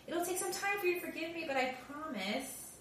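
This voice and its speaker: A woman's voice: very high voice, lively intonation, brisk, fairly bright tone, distant mic, pitched above the performer's own voice. Woman putting on a coaxing, glib young liar, roomy echo, faint hiss. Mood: wheedling. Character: smooth-talking lying young man pleading.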